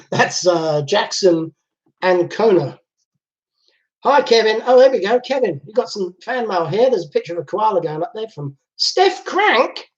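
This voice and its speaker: A man's voice: high voice, sing-song, measured pace. A man hosting a casual live chat from home, chatting and laughing easily as he reads out viewer comments. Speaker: livestream host. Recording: dull lo-fi livestream audio.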